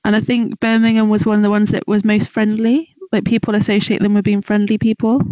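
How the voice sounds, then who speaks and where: A woman's voice: mid-range voice, flat delivery, a little fast, dark tone, dry recording. A British woman, a guest on a podcast, chatting casually in a matter-of-fact, wry way. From United Kingdom. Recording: dry, muffled online call audio.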